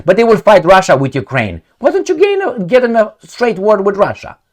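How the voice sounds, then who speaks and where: A man's voice: high-pitched, wildly swooping pitch, fairly quick. A man gives solo commentary on news articles, reading them aloud and ranting sarcastically with profanity while talking straight to his viewers. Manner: profane, addresses viewers directly. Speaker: political commentator.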